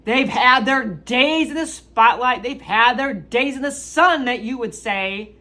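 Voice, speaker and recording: A woman delivering a prophetic proclamation in the first person as God, with emphatic, drawn-out declarations and repeated rhetorical questions. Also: on the high side, pushed and bright.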